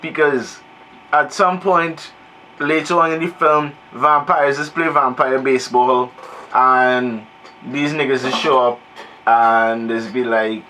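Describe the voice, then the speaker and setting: A man's voice: medium pitch, a little slow, sharp tone, slight background noise, rough recording. A man in his thirties giving a comedic, profane, exasperated movie review rant. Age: 30s.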